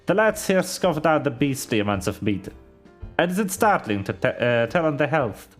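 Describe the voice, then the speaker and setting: Hearty tavern keeper, read by a man in a rough attempt at a Scottish accent, lively and stumbling. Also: fairly high pitch, moderate pace, soft background music, pitched below the performer's own voice. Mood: gruff. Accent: clumsy attempted Scottish accent.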